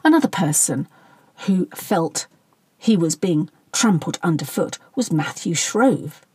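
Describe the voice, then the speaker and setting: A woman reads a story aloud with a lively, rising and falling pitch. Her voice is a little husky, and the sound is dry and close to the mic. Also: measured pace, no echo. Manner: reads dialogue with lively pitch, plain narration between. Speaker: audiobook narrator. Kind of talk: scripted narration.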